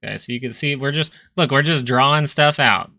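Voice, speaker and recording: Here a young stock market livestream host speaks briskly in a mid-range, creaky voice with a sharp edge. He rambles casually through chart commentary and kids around with viewers.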